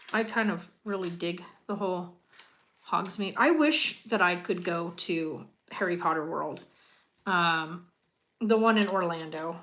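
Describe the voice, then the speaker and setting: A woman's voice: medium pitch, a little hiss or hum, poor audio. Chatty gushing woman. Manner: chatty and gushing, with a lot of fillers, often dropping to a quiet murmur. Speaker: channel host. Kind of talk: casual chat while building a Lego set.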